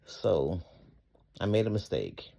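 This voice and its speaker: A man's voice: low voice, very animated, slow, gravelly, dark tone. A middle-aged man, giving a fervent, rambling personal testimony full of praise to God. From Atlanta area, US. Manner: fervent, religious, rambling, folksy. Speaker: storyteller recounting a personal event.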